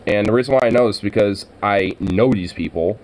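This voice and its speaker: A man's voice: fairly low pitch, brisk, a little mellow, rough recording. An American man ranting casually with constant swearing, frequent laughter and lots of fillers like "like" and "you know". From United States. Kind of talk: casual profane rant.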